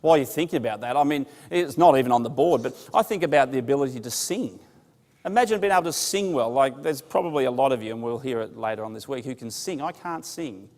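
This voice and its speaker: In a hall with long reverb, a man leads an informal bible class, his medium-pitched, slightly mellow voice quick and animated. He tells stories with humor, conversationally, and puts questions to the audience.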